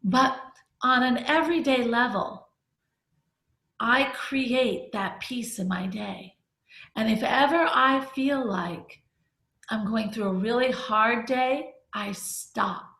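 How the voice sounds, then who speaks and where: Here a middle-aged woman guides a group discussion and tells a frank personal story, laughing and restarting her sentences as she goes. Her voice is fairly high and a bit bright, and she takes her time. The recording has noticeable room echo.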